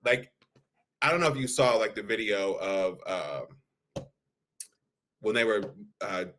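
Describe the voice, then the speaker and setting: A man co-hosting a casual podcast, his voice sitting fairly low. He speaks frankly and bluntly about his feelings, with a laugh dropped in here and there. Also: a little slow, a bit bright, slight background noise. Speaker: podcast co-host. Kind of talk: casual chat.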